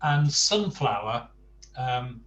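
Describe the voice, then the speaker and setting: Slow, patient tutor in echoey room. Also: male voice, mid-range voice, lively intonation, far from the mic. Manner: patient, encouraging, trails off quietly. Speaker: Spanish tutor. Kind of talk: online language lesson, coaching pronunciation.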